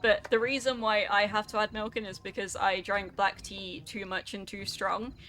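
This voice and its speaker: A woman's voice: medium pitch, flat delivery, normal speed, fairly bright tone. A young woman streaming a game, chatting casually and rambling through stream chat with lots of fillers.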